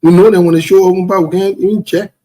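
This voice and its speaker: A man's voice: high-pitched, steady tone, quick pace, mellow. A man hosting a casual live stream, playfully greeting viewers by name and chuckling as he goes. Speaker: livestream host.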